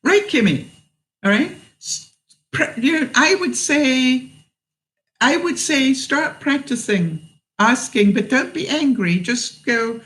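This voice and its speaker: Woman vlogger, frank advice, quick laughs, acts out lines. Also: high voice, lively intonation, a bit bright, poor audio. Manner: frank, laughs often, acts out what she would say. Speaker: vlogger answering viewer questions. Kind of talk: casual advice talk.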